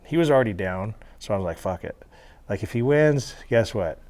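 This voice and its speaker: A man being interviewed, telling animated stories with casual swearing and laughter. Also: lowish voice, fairly quick. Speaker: interview guest. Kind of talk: storytelling interview. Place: federal halfway house.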